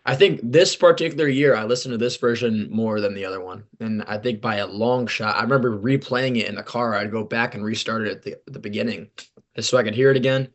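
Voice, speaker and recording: A man's voice: lowish voice, fast. A young man co-hosting a music podcast, chatting casually with enthusiasm and the odd swear word. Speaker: podcast co-host. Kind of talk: casual chat.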